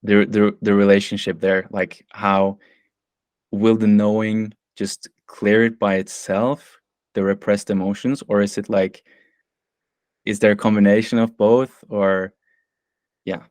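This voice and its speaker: Man, halting question, slow pace, flat delivery, dry close sound. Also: fairly low pitch, no room sound. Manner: halting, searching for words. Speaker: class participant asking a question. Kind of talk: hesitant question in an online class.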